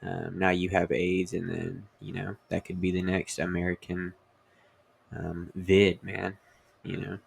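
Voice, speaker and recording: A young man with a very low, gravelly voice, drifting through a loose comedy monologue. He keeps stopping to correct himself and stacks up ums and you-knows as he goes. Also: monotone, unhurried. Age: young adult. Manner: meandering, filler-heavy, self-correcting. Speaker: comedian host. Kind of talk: casual rambling monologue.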